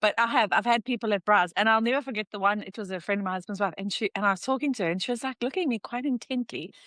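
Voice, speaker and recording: A South African woman co-hosting a podcast, talking very fast and telling stories with animation. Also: mid-range voice, no room sound. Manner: talks very fast, animated storytelling. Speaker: podcast co-host. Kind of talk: casual chat.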